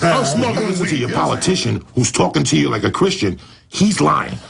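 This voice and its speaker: Gravelly, shouting foul-mouthed man. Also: on the high side, expressive, brisk, crowd noise. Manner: loud, swearing, bursts into shouts and laughter. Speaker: comedian guest on a talk show. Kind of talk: profane ranting storytelling.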